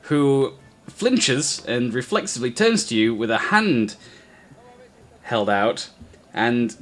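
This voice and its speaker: Guy gm narrating a tabletop game, lots of ums, middle pitched, laid back. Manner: relaxed, halting narration with many fillers. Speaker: game master.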